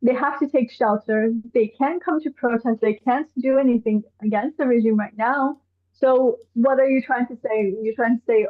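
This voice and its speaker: A woman from Iran, an activist guest on a live online show, talking in an animated way and firing off exasperated rhetorical questions. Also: on the high side, normal speed. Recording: tinny phone-like call audio.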